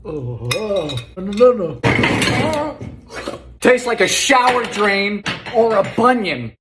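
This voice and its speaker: Male home cook, comedic recipe narration; camp, sarcastic, very animated pitch, echoey kitchen. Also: slow, very noisy. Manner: campy, theatrical, sarcastic one-liners with sudden loud exclamations. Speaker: home baker.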